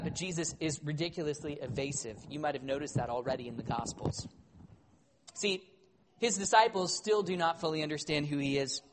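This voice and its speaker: Animated preacher in a reverberant hall. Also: male voice, high voice. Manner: animated, conversational, with wry humor. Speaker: pastor. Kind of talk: sermon.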